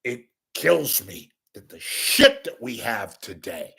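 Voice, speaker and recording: A man's voice: mid-range voice, huge pitch swings, slow, vocal fry, pushed and bright, slightly rough. A man delivering an angry, profane ranting monologue as a local media commentator.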